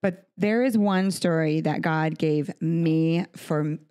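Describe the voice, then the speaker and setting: A woman's voice: deep voice, takes it slowly, dark tone, smooth. A woman hosting a podcast in a recording studio, talking in a heartfelt, earnest way in a conversational interview. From United States. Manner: heartfelt, earnest, speaks of faith. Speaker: podcast host.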